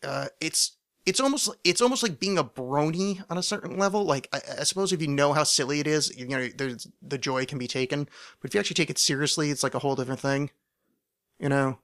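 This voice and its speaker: A man with a fairly high, slightly bright voice talks quickly as he hosts a solo podcast. His loose, rambling monologue is full of fillers, restarts and frequent swearing.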